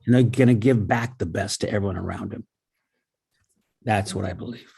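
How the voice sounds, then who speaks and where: Earnest husky man telling stories. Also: on the low side, normal speed, dark tone. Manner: earnest, repeats himself, stammers. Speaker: host and guest speaker. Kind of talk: casual storytelling talk. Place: Los Angeles area home. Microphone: video call.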